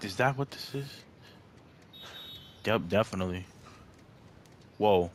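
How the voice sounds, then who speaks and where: A man's voice: lowish voice, animated, slow, slight background noise. A man doing let's-play commentary, jumpy and easily scared, talking to himself as he plays. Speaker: gamer.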